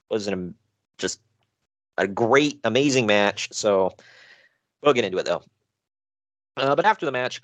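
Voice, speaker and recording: A man co-hosting a casual podcast chat, recapping wrestling shows in an animated, joking way with frequent laughs. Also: no room sound, muffled recording. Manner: animated, laughing, swearing, jumps in pitch.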